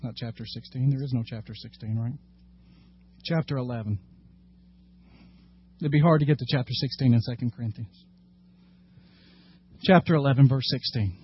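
A man preaching a sermon as pastor, animated when acting out scripture and dropping low and quiet for serious points. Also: normal speed, pauses often, slightly rough, highs cut off. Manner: animated, acts out scripture quotes with rising emphasis.

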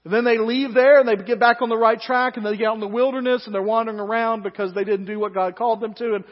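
A male pastor preaching a sermon, moving between hushed, slow passages and loud, emphatic ones. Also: very high voice, fairly even intonation. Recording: echoey hall, dull lo-fi sound.

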